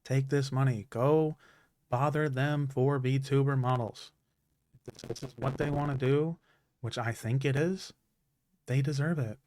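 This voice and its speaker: A man streaming live, giving an emotional, heartfelt thank-you speech that is halting, full of fillers and restarts, his throat turning a little raspy. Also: medium pitch, steady tone, darkish tone.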